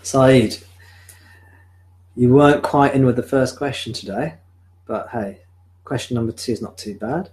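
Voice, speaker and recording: Male spiritual teacher, calm and reflective, live-streamed home satsang, close sensitive desk mic. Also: mid-range voice, rough recording. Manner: calm, reflective, answers viewer questions slowly. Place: home room. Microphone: sensitive desk microphone.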